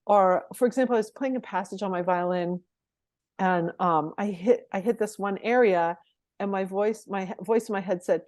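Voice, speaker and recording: Animated middle-aged woman coach, dry sound. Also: medium pitch, moderate pace, no room sound. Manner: animated, laughs often between phrases. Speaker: performance coach, interview guest. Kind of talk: conversational interview storytelling.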